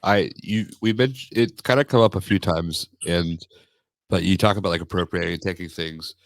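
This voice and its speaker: A young man hosts a podcast in loose, rambling chat, joking as he goes. His voice sits very low with a gravelly fry, and the sound is close and dry. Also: normal speed, no echo. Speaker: podcast host. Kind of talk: casual chat.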